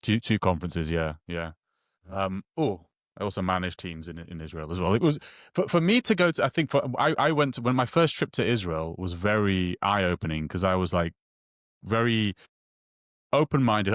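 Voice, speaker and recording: Man, lowish voice, casual storyteller, lots of false starts, dry close mic. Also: fairly bright tone, no echo. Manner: halting, many restarts and repeated words, acts out quoted dialogue. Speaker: guest telling a personal story.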